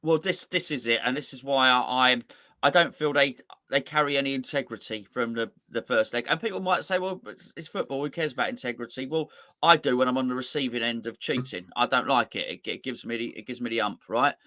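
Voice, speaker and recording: A man's voice: medium pitch, a little fast, bright, forceful tone. A man co-hosting a casual football chat, emphatic and ranting, with many restarts and repeated words. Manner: emphatic, repeats words, rants about cheating. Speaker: co-host.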